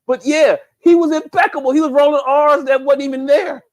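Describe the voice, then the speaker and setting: Man, high voice, a bit drunk, profane, laughing, casual podcast banter. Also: a little fast. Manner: profane, animated, laughs a lot, repeats "hey, look". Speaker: podcast co-host. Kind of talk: casual comedic chat.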